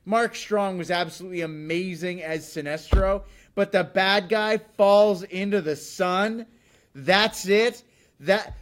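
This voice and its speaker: High-voiced joking male talk host. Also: measured pace. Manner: animated, sarcastic, jokey asides. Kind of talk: comedic talk show monologue.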